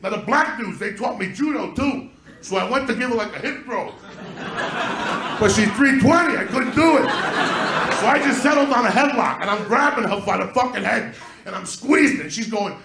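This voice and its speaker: A man doing stand-up storytelling from New Jersey, profane and animated, with loud bursts of shouting. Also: extremely high pitch, a little fast, echoey room, very noisy. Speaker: stand-up comedian. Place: comedy club stage with a laughing audience. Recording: live stage recording with crowd.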